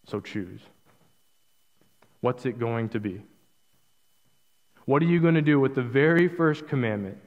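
A man preaching a sermon as pastor, emphatic, acting out quoted lines in a conversational way and dropping to a hushed low voice on key words. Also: expressive, a little slow, pauses often. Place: church sanctuary. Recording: dull audio with long reverb in a hall.

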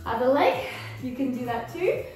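A woman's voice: sits high, animated, normal speed, darkish tone. A woman fitness instructor guiding a workout, encouraging and cueing moves and counting time. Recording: echoey room, mic far off, faint music.

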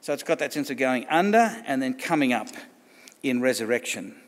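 A man's voice: medium pitch, lively intonation, brisk. A man with an Australian accent preaching a sermon in a conversational way, often asking questions and restarting phrases. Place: church hall. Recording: long church reverb.

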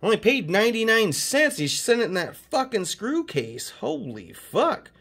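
Man, from canada, card channel host, swears nonstop, hyped, slightly high voice. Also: normal speed, a little hiss or hum. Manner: profane, excitable hype talk. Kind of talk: casual mail-day chat.

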